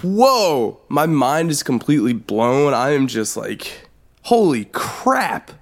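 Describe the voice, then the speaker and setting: Co-host who keeps laughing, voice jumps all over, super animated. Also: medium pitch, slow. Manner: laughs a lot, animated, gushing. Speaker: podcast co-host. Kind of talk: casual comedic chat.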